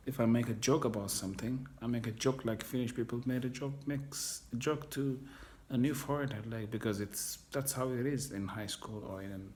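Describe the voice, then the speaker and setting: Speaking in a fairly low, slightly mellow voice against slight background noise, a man tells his own story for a documentary interview. It's candid and rambling, with him reaching for words and dropping casual swears.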